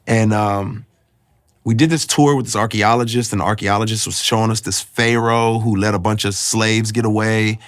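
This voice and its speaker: A man telling his personal faith testimony in a reflective, halting, emotional way. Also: on the low side, fairly even intonation, dry recording, studio quality. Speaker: guest sharing his testimony.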